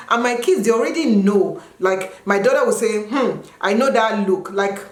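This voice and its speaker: Woman vlogger, casual chat answering questions, lively jumps into high voices, mid pitch, roomy echo. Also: normal speed, few pauses. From Nigeria. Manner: animated, jumps into high sung and yelled bits.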